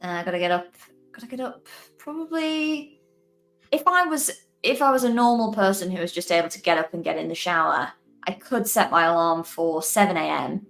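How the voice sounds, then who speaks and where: A woman's voice: on the low side, expressive, normal speed, gravelly, a bit bright, soft background music. A woman co-hosting a livestream, chatting casually in a bubbly, giggly way. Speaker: co-host.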